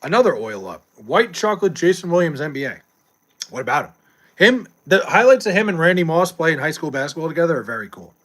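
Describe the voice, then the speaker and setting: A man's voice: fairly high pitch, big pitch swings, fast, fairly bright tone. A young adult man streaming live, chatting casually with viewers and reading chat, loose and profane with frequent laughs.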